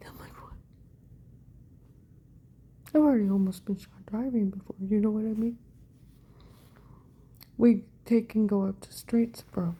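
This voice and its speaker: A woman telling a personal account in a rambling monologue, often dropping to a hushed whisper, with fragmented, repetitive phrasing. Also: medium pitch, slightly rough.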